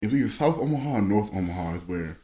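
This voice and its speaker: A man's voice: on the low side, lively intonation, rapid-fire, dark tone. A young man from Maryland co-hosting a casual chat and telling stories, acting out what people said. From Maryland, USA. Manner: storytelling, acts out quoted dialogue. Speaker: podcast co-host. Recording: echoey room.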